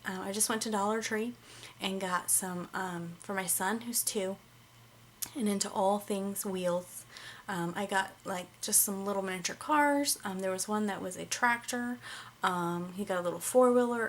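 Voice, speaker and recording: A woman's voice: mid-range voice, slight background noise. A woman, a mom vlogger, chatting casually to camera with lots of "um" fillers, a little out of breath. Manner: relaxed and chatty, many "um" fillers.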